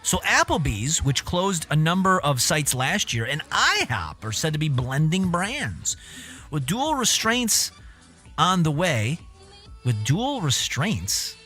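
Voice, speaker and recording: A man's voice: a little high, fairly bright tone. A young man streaming casually, reading a news article aloud with rambling, jokey asides.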